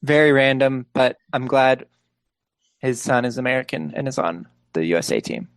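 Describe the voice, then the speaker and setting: A young man talking sports in an easygoing podcast chat, his sentences padded with "like" as he thinks aloud. His voice sits at an ordinary middle pitch. The sound is dry and close, with no room around it. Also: moderate pace, vocal fry, clear, resonant tone, no room sound. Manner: relaxed, leans heavily on "like" fillers. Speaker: podcast co-host.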